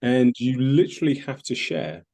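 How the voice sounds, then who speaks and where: A man's voice: mid-range voice, fairly even intonation, normal speed, warm tone. A man, a medium hosting a casual talk, speaking earnestly and reflectively with many fillers. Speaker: host, medium.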